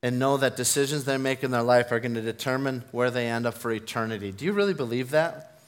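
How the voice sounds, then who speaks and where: A man's voice: mid-range voice, fast. A man preaching a sermon, earnest and building to fervent emphasis, mixing in personal stories. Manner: tells personal stories with self-deprecating laughs.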